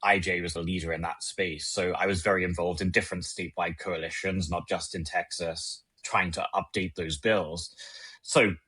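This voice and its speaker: Husky low-voiced British man. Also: fairly even intonation, sharp tone. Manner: articulate, measured, explanatory. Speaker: legislative attorney, guest. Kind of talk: podcast interview.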